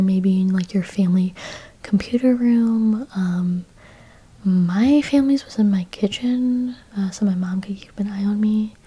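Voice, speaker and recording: A woman's voice: mid-range voice, dark tone, breathy edge. Whispering woman rambling about the old internet. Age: 20s. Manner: rambling, many fillers and "like"s. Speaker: ASMR YouTuber. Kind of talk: whispered role-play; whispered casual chat.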